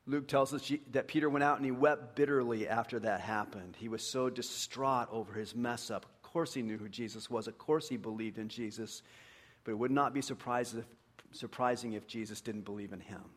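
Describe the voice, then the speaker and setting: A man's voice: medium pitch, fairly quick. A man preaching a sermon in a conversational storytelling way, acting out the voices of the characters in his stories. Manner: animated, acts out voices, conversational.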